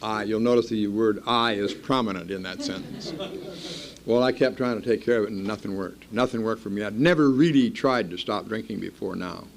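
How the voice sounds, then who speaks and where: An older man with a low, gravelly voice tells his story plainly to a meeting. He is blunt and dryly funny and pokes fun at himself. He grew up in Iowa. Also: normal speed. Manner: blunt, wry, self-mocking. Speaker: speaker at a recovery meeting. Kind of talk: personal storytelling talk.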